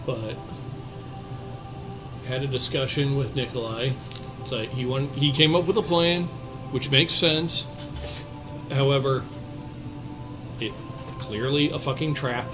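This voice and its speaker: A man's voice: medium pitch, takes it slowly, long pauses, over music, poor audio. Laid-back man recapping a game. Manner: laid-back, trailing off with fillers and laughs. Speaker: podcast co-host recapping a tabletop campaign. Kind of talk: casual recap chat.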